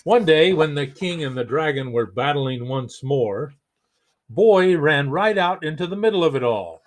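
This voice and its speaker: Pastor guy reading a kids book real slow, gentle, kinda high voice. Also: lively intonation. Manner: slow, gentle, chatty asides to children. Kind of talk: reading a picture book aloud.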